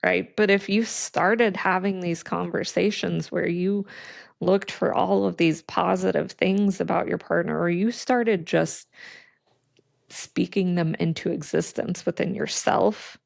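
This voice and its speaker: A woman co-hosting a podcast, talking in a slow, thoughtful, reflective way in casual chat. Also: medium pitch, creaky, no room sound, clean studio sound. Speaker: podcast co-host.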